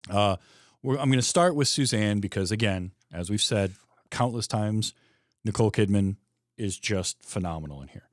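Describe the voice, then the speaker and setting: A podcast host with a Michigan Midwest accent and a lowish voice runs a casual film podcast, chatty and enthusiastic with quick asides. The recording is close and dry, with no room sound or echo at all.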